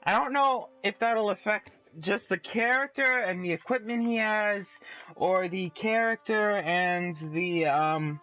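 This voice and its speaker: A man's voice: high voice, fairly bright tone, low-quality recording. A man hosting a let's play, commenting casually in a profane, rambling way and reading aloud from a magazine.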